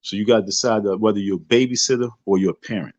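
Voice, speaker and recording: A man's voice: on the low side, steady tone, racing, darkish tone, no echo. Emphatic, preachy man ranting on a livestream. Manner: emphatic, preachy, repeats himself, profane. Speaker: livestream host. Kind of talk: casual livestream rant. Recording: dull lo-fi dry sound.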